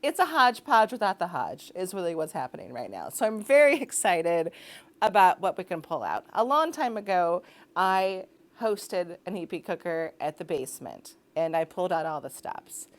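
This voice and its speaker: A woman's voice: fairly low pitch, very animated, normal speed. A young woman hosting a cabaret as MC, chatty and self-mocking, rambling jokes between bits. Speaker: host and MC.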